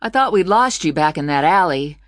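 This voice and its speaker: A narrator voicing a brisk young woman. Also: mid-range voice, animated, no echo, clean studio sound, lightly acted. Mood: excited.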